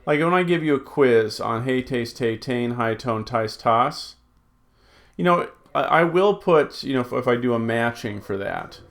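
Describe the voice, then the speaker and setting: A man teaching a recorded Greek lesson, slowly drilling word forms, reading out rules and thinking aloud with many ums and uhs. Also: medium pitch, lively intonation, a bit bright. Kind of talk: recorded classroom lecture.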